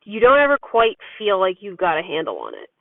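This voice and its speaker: A parent vlogger with a gravelly, mid-range voice whose pitch swoops wildly talks a little fast, chatting frankly and rambling about family life. Her candid monologue has no echo, and the audio sounds dry and tinny, like a phone.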